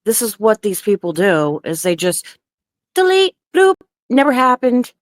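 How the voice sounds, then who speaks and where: A woman's voice: mid-range voice, big pitch swings, unhurried, no echo, studio quality. A woman co-hosting a casual podcast, making snarky, sarcastic asides. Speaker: podcast co-host.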